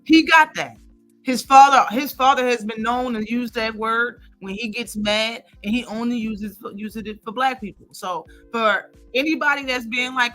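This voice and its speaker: A woman's voice: fairly high pitch, a little slow, bright, forceful tone, soft background music. A woman hosting a live stream, giving heated, blunt and profane commentary.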